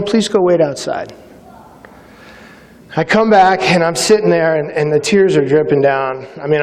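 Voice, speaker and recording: A middle-aged man from Massachusetts delivers a motivational keynote on stage, his voice sitting a little high for a man. He tells personal stories with energy and acts out the quotes. The hall adds a long, lingering reverb. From Massachusetts, USA. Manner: energetic storytelling with acted-out quotes. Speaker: keynote speaker.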